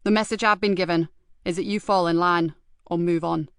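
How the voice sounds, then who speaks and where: A woman reading an audiobook, voicing a gruff, loyal male police superintendent in a blunt, dry, fatherly manner. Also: fairly low pitch, steady tone, brisk, no echo, lightly acted. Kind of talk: audiobook character voice.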